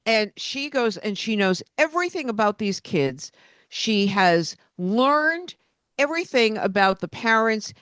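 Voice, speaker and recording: A woman's voice: a little high, sing-song, measured pace, a bit bright, clear, resonant tone, dry recording. A woman hosting a radio interview, asking questions and introducing her guest. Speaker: radio host.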